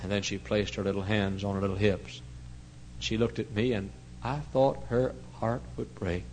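Pastor, male, lowish voice, emotional storytelling sermon, hush-to-loud swings. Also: steady tone, moderate pace, slight background noise, low-quality recording.

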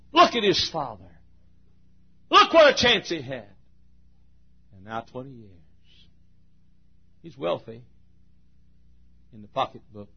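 Heard through dull audio, a male preacher with a husky voice leads a revival sermon, veering between booming shouts, hushed remarks, and sing-song chants.

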